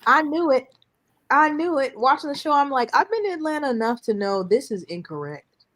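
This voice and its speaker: Animated higher-pitched woman in casual chat. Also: brisk. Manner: animated, blunt, swears casually. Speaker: booktuber host.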